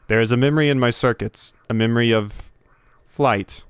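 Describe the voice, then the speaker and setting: A defective robot in a video game, as a man voices it. It speaks in a measured, mechanical way. The voice is smooth and mid-pitched, recorded close and dry. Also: dry recording, lightly acted.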